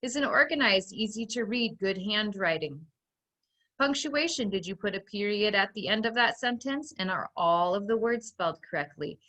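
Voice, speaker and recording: A woman teaching a recorded phonics lesson to young children, patiently guiding them step by step and slowly sounding out each sentence. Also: mid-range voice, expressive, sharp tone. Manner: slow, clearly sounding out dictated sentences.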